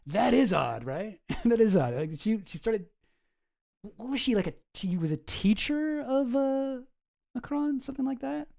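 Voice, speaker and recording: A man hosts a loose commentary stream, meandering through his points with self-deprecating asides and plenty of swearing. His voice is a little high yet mellow and soft.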